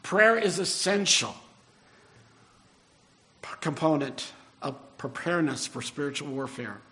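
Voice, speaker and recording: Earnest older male pastor, high voice. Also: animated, pushed and bright. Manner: earnest, rises in emphasis, slows on key phrases. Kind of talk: sermon.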